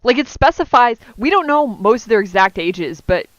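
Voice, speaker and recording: A woman's voice: fairly high pitch, sing-song, normal speed, no room sound. Wry young woman podcaster on a dull mic. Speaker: podcast co-host. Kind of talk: casual chat, reading aloud.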